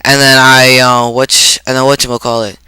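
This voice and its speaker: Bright, crisp teenage boy rambling. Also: mid-range voice, flat delivery, no echo, low-quality recording. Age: teens. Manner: halting, rambling, full of fillers and restarts. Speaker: vlogger. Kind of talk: personal storytelling vlog.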